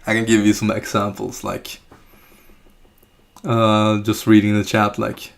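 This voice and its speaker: A man's voice: fairly low pitch, completely flat delivery, measured pace, creaky, pauses often. A man with a Norwegian accent chatting on a live stream, rambling and hesitant as he searches for words. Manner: rambling, hesitant, with fillers and restarts. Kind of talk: casual live stream chat.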